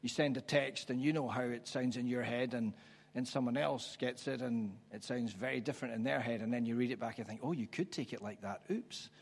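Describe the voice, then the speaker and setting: A man preaching a sermon, reflective and conversational, pausing for emphasis. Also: medium pitch, fairly even intonation, gravelly. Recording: church hall with long reverb.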